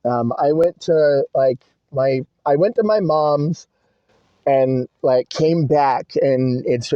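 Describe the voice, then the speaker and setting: Casting note: young man, confessional vlog monologue, rambling and profane, fairly high voice, dull dry sound. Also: slow pace, warm tone, no room sound. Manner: rambling, filler-heavy, candid and profane. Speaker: vlogger. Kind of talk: personal storytelling monologue.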